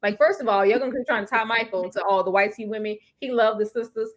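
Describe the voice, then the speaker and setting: A woman co-hosting a casual comedic chat, animated and playful, laughing often and bursting into loud outbursts. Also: fairly high pitch, fast. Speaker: co-host.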